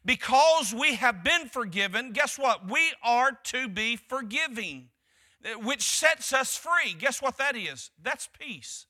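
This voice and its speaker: A male pastor preaches to his congregation in a high, strikingly bright voice at a measured pace, steady in sermon cadence. He drives his points home by repeating short phrases and letting his delivery climb.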